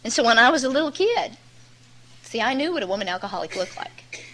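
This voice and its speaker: Woman, recovery meeting speaker: bright, high-leaning voice, blunt, rambling storyteller. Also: sing-song, fairly quick, a little hiss or hum, poor audio. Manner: candid, rambling storyteller, many "you know"s; plain-spoken and blunt. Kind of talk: personal testimony at a recovery meeting.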